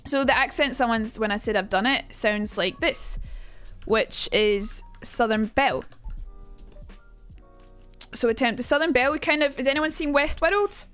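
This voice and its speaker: A young Scottish woman hosting a casual live stream, her voice sitting a little high. She talks in a loose, chatty way, swears freely and answers her chat. Soft music plays behind her. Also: moderate pace. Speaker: streamer teaching accents.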